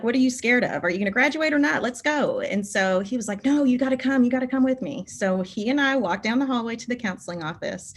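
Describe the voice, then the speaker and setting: Middle-aged teacher lady giving a keynote, animated, heartfelt stories, normal mid pitch. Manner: animated, emotional storytelling, voice rising when moved. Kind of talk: conference keynote storytelling.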